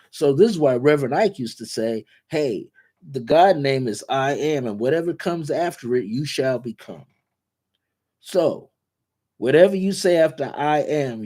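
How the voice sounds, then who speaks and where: A man hosting a guided spiritual talk, speaking in repetitive, incantatory affirmations and slowing down on key words. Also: medium pitch, mellow. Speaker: spiritual teacher and show host.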